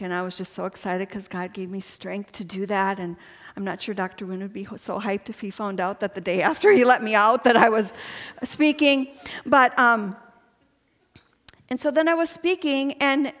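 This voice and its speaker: A woman giving a personal faith testimony to a women's gathering, chatty and earnest and laughing often. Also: mid-range voice. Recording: long hall reverb.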